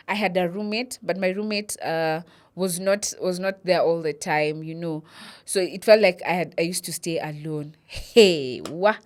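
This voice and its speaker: A young Kenyan woman vlogger with a Kenyan accent speaks in a lowish, unhurried voice as she tells a personal story. She's animated, switches between English and Swahili, and acts out the quotes.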